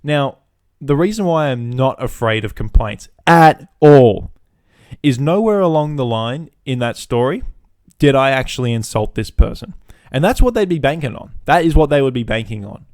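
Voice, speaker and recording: A man's voice: mid-range voice, lively intonation, normal speed, a little mellow, no room sound. A man rants into his podcast mic, swearing freely and talking with swagger. His tone is mocking and self-assured, like someone telling a customer story he enjoys. The sound is close and dry, with almost no room around it. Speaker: podcast host. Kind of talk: profane storytelling rant.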